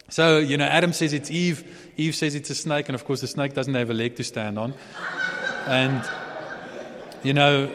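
A man preaching a sermon in a relaxed, chatty way, often restarting and chuckling. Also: on the high side. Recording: long hall reverb.

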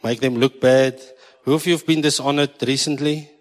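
A man's voice: medium pitch, steady tone, normal speed. A South African man preaching a sermon, joking with his congregation and slipping into Afrikaans. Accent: South African English. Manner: jokey, switching between English and Afrikaans. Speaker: pastor. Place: church hall. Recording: long hall reverb.

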